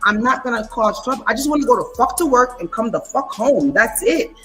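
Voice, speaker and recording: A woman telling a long story in casual chat, animated and full of profane slang. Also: a little high, a little fast, over music.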